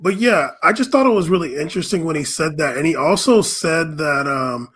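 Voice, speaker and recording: A man co-hosting a loose political chat, telling a news story in a meandering, earnest way. His voice is a bit high and slightly husky. He hesitates often, filling gaps with ums. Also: lively intonation, fairly quick, fairly bright tone. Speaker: podcast co-host.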